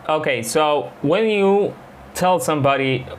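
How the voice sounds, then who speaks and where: A man teaching an English lesson, reading slow example lines and explaining them quickly. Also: on the high side, slight background noise.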